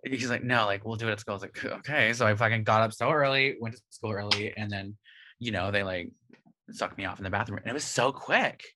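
A man's voice: fairly low pitch, a little fast, sharp tone. A young man from Canada telling a rambling story in casual chat, with lots of "like". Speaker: guest.

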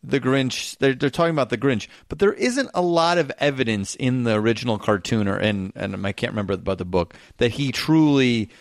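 A man co-hosting a casual podcast chat, rambling and animated, with many restarts. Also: mid-range voice, brisk, hardly any pauses, no room sound, studio quality. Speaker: podcast co-host.

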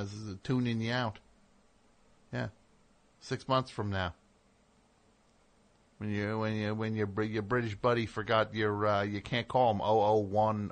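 A middle-aged man hosting a radio show, talking in a digressive, self-interrupting monologue with sarcastic asides. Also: on the low side. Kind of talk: rambling on-air monologue.

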